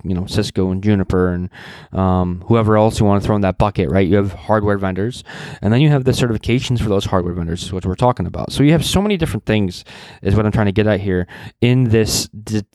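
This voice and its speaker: A man's voice: fairly low pitch, fast, a little mellow, no echo. A man who is a little sick, giving earnest career advice in a rambling way, with many fillers and restarts. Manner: earnest, passionate. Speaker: networking career advisor. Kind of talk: casual advice talk.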